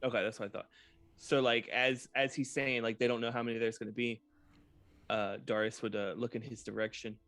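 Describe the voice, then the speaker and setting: A man plays in a tabletop game, chatting casually with the game master. He asks quick questions out of character. His voice sits at an ordinary middle pitch. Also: little pitch movement, fairly bright tone, dry recording. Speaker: player.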